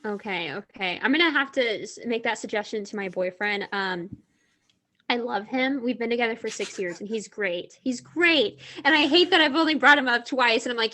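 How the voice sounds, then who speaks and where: A young adult woman talking as a guest author in a casual interview, chatty and animated, often laughing. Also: on the high side, moderate pace.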